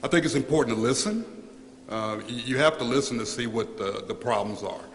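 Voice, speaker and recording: A man speaking as a newly named police chief at a press conference, halting and earnest, repeating words and choked up with emotion. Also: medium pitch, animated. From United States. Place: large hall at a press event. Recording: reverberant hall, faint room noise.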